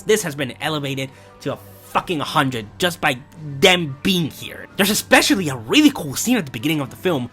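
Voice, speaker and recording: A man reviews a film with bright, lively, swooping delivery, swearing freely as he gushes. Faint music plays under him. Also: medium pitch. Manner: gushing, profane, animated. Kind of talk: casual movie review.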